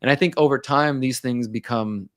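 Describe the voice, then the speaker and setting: A man's voice: medium pitch, normal speed, a bit bright, dry recording, clean studio sound. A man speaking as an interview guest, talking candidly and reflectively, and sometimes acting out his own inner dialogue.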